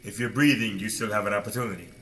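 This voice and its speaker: Bright-voiced man preaching with dramatic swings. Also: very fast. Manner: dramatic, swings between loud bursts and low asides, repeated rhetorical questions. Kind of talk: sermon.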